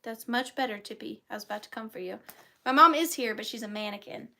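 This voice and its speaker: A woman's voice: mid-range voice, fast, creaky, bright, forceful tone. A young woman hosting a live online vintage sale, chatting enthusiastically about items and counting down bids. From United States. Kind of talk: live sale vlog chat.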